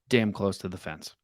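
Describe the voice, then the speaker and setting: A young man co-hosting a casual sports podcast, telling stories in a relaxed way. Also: fairly low pitch, dry recording, studio quality. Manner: relaxed storyteller. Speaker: podcast co-host.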